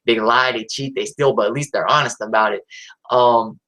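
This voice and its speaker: A man's voice: mid-range voice, steady tone, normal speed, pushed and bright, rough recording. A man hosting his own live stream, talking casually and hesitantly with lots of fillers and restarts. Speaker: channel host.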